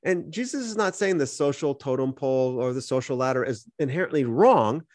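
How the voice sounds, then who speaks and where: Brisk and animated, this medium-pitched man reads Bible passages on a podcast he co-hosts, then explains each one in a chatty, instructive tone. The audio is studio quality, without any room sound.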